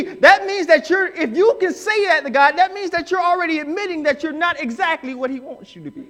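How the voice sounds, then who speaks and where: High-voiced emphatic man preaching. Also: fairly quick, hardly any pauses. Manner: emphatic preaching, rising to shouts, acts out quoted people. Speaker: pastor. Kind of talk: live sermon. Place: church sanctuary.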